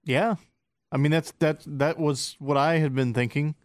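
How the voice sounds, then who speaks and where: A man's voice: fairly high pitch, fairly even intonation, a little slow, no room sound, clean studio sound. A man in casual chat, speaking in a hesitant, reflective way.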